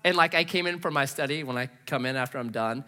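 A middle-aged man preaching a sermon from a church stage. He tells personal stories in an animated, self-mocking way and acts out his own reactions. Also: medium pitch, fast, clear, resonant tone. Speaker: pastor.

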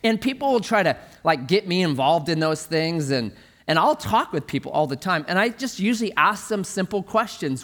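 A man preaching a sermon with a slightly high voice. He tells it like a story, conversational and animated, his pitch rising and falling freely. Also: moderate pace.

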